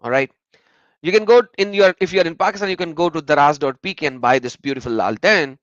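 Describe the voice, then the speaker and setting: A man's voice: a little high, no echo. Mocking man commentator, dull dry recording. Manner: mocking, rapid swings between loud exclaiming and muttering. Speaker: online religion critic. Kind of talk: sarcastic video commentary.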